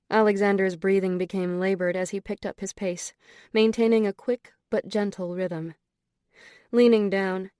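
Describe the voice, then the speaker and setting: A woman narrating an audiobook in a measured, intimate manner. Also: fairly low pitch, a little mellow, clean tone, dry recording, clean studio sound.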